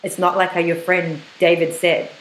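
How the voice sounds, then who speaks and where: A woman's voice: fairly low pitch, level tone, normal speed, roomy sound, natural voice, low-quality recording. An actress playing a young woman on a date, apologizing and insisting on her side, stammering. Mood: apologetic. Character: young woman admitting a one-night stand, defensive. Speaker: date confessing. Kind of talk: conversational web-series acting.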